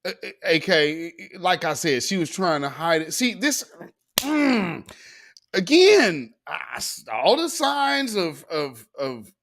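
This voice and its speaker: A man hosts a casual commentary show, reacting to news clips with frequent laughter. He talks slowly, with a lively pitch that leaps high for emphasis, and often breaks off to restart his thought. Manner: laughs often, trails off and restarts, riffs on his own asides. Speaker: show host.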